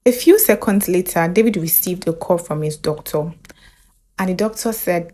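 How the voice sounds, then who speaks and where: A Nigerian woman narrating a film recap in a lively storytelling way. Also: lowish voice, brisk.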